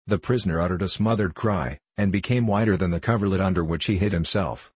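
A man narrating a classic novel in a steady, even-toned audiobook reading. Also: deep voice, fast talker, hardly any pauses, slightly rough, no echo.

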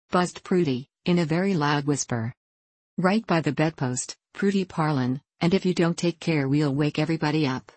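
Low-voiced woman narrating a storybook. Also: normal speed, a little mellow, no room sound.

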